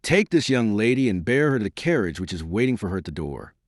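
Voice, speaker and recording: A wounded young nobleman in an audiobook, grave and bitter yet dignified, as a male narrator reads him. The voice sits low and moves expressively, recorded dry and close. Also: big pitch swings, quick pace, dry recording. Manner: earnest, grave.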